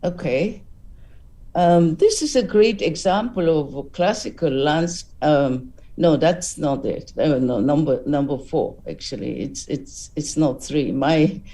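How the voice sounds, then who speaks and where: A low-voiced woman gives a slow, thoughtful critique of artwork as a juror. Her tone is mellow and a little hesitant, with fillers. She sounds some way from the mic on a video call. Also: expressive, distant mic, poor audio. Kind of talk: spoken art critique.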